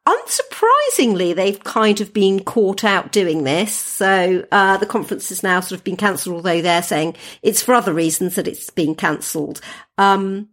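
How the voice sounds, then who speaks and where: A woman co-hosting a podcast, telling a news story in a relaxed, thoughtful way. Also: medium pitch, moderate pace. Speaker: podcast co-host. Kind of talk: casual chat.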